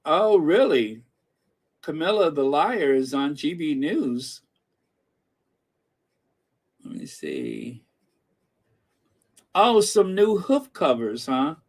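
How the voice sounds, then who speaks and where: Host, middle-aged man from the Midwest: casual, slow-talking chat over live comments, slightly high voice. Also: huge pitch swings. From American Midwest. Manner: chatty, laughs often, reads comments aloud with frequent fillers.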